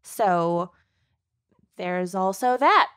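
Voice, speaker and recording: A woman's voice: mid-range voice, expressive, extremely slow, a bit bright, smooth, no echo, studio quality. A woman co-hosting a podcast, chatting casually and giggling as she introduces the show. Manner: giggly, reads the intro with playful stumbles. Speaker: podcast co-host. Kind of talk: casual chat.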